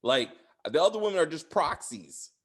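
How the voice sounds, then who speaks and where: A man hosts a casual spoiler review of a TV episode. His voice sits a little high and swings widely in pitch. He rambles, swears freely and peppers his talk with fillers. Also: moderate pace. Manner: rambling, profane, animated, with frequent "like" fillers. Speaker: show host reviewing TV episodes.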